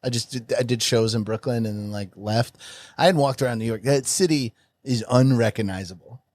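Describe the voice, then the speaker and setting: A man's voice: medium pitch, fairly quick, darkish tone, dry recording, clean studio sound. A young man on a podcast telling comedic stories in a casual, profane way, acting out the people he quotes. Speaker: podcast co-host.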